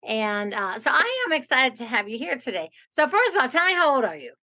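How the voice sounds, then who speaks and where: A woman's voice: high voice, sing-song, fairly quick, bright, forceful tone, dull audio. A woman in her sixties hosting a podcast interview, chatty and playful, with a lot of "like". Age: 60s. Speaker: podcast host. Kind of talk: casual interview.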